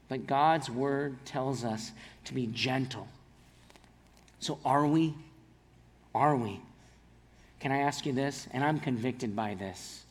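A man preaching a sermon as a pastor, earnest, telling family stories and dropping to quiet emphasis on key points. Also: mid-range voice, breathy edge, long reverb tail.

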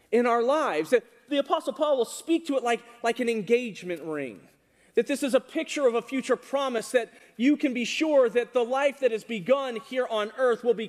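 A man preaching a sermon to a congregation, animated and often asking them questions. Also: very high-pitched. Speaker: pastor. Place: church hall with congregation. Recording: reverberant hall.

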